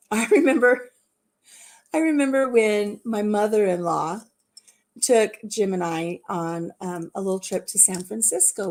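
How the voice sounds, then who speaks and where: A woman in her fifties hosting a live chat and telling stories in a warm, chatty way, laughing at herself. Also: lowish voice. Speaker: host.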